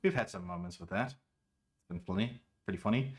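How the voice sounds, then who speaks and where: A man's voice: lowish voice, moderate pace, heavy background noise. A man streaming from home, chatting casually and playfully with his viewers. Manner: playful, animated, quotes lines in different voices. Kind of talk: casual chat.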